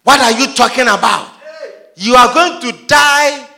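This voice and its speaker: A man preaching a sermon, emphatic and sing-song, swinging from soft asides to shouted peaks, with repeated call-and-response. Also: very high-pitched, a little slow, gravelly. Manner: repetitive call-and-response style.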